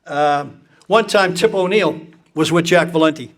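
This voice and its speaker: A man's voice: a little high, a little slow. A man casually telling blunt, profane anecdotes to an audience, acting out the people he quotes with gusto. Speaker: speaker recounting political anecdotes.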